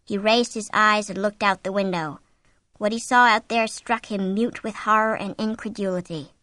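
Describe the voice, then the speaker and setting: A woman reading a horror novel aloud as an audiobook, with an expressive, suspenseful delivery on a close mic. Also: mid-range voice, normal speed, no room sound. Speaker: audiobook narrator. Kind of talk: scripted narration of a horror novel.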